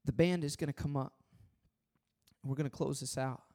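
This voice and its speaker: A man preaching a sermon as pastor, swinging from loud pleading questions to hushed, earnest appeals. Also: medium pitch, fairly even intonation, normal speed.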